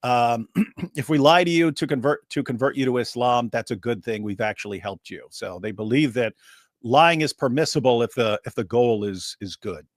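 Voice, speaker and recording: A man's voice: mid-range voice, normal speed, dry recording, clean studio sound. A man co-hosting a casual live stream, giving blunt, opinionated explanations. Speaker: co-host.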